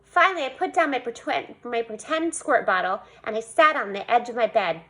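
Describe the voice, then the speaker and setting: A woman reading a children's storybook aloud in an animated way. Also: a little high, fairly quick. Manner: animated, voicing a young girl narrator. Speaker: reader.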